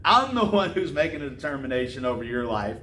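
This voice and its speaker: A man preaching a sermon who reads scripture slowly and then retells it in casual slang. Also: mid-range voice, very animated, bright, forceful tone, roomy sound, a little hiss or hum.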